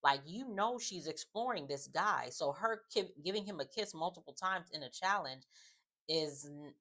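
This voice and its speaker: A woman's voice: on the low side, lively intonation, normal speed, bright, forceful tone. A woman giving a casual, opinionated recap of a reality show, chatting loosely with many fillers. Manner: chatty, opinionated, often says "just like" and "um".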